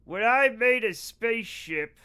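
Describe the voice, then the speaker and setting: This man's voice is very high-pitched, with lively intonation and a sharp yet clear, resonant tone, delivered unhurriedly. He's casually live-streaming a space game, rambling and joking with his chat throughout.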